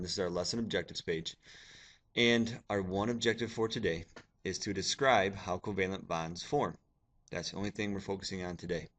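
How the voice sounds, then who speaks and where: A man's voice: on the low side, fairly bright tone. A male science teacher giving a recorded video lecture over slides, casual and joking with his students.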